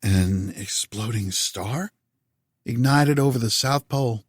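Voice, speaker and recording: A man's voice: medium pitch, takes it slowly, husky, no echo. A man voicing a dazed, injured army veteran with a reedy voice, mumbling and groggy. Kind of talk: audiobook character voice.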